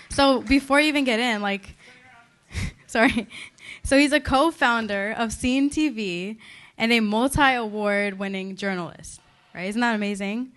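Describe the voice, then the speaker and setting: A woman's voice: a little high, measured pace, fairly bright tone. Bubbly woman hosting on stage. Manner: bubbly and informal, hypes the crowd. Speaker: event host. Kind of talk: excited stage introduction.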